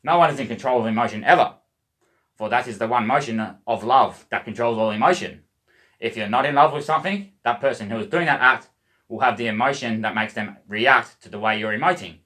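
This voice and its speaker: A man's voice: mid-range voice, brisk, bright, forceful tone. An Australian man rambling to camera, swearing constantly and spinning loose wordplay about emotion and love, often calling out to "boys". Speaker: vlogger.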